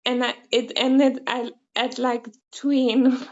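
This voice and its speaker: Female host from the Netherlands, casual interviewer, laughs a lot, high voice, slightly muffled call audio. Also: little pitch movement, moderate pace. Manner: laughs often, short questions.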